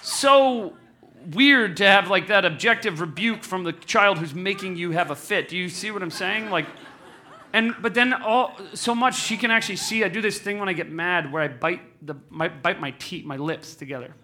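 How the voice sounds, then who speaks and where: A man in his thirties speaks to a live audience in a high, bright voice. He is candid and self-deprecating, jokes often and keeps asking the room questions. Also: normal speed. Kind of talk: candid, humorous talk to an audience.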